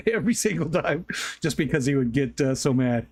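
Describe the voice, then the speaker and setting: A man's voice: fairly high pitch, lively intonation, moderate pace. A middle-aged man hosting a livestream, telling rambling stories in casual chat, often correcting himself and laughing. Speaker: livestream host.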